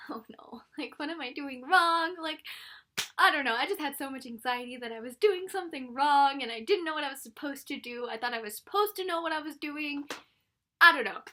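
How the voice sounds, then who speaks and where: A young woman with a high voice tells a personal story to camera in a casual vlog. She talks in an animated, excitable way and acts out the lines of the people in it. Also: fairly quick, a little hiss or hum. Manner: animated, breathless retelling with quoted voices and laughs. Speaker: vlogger.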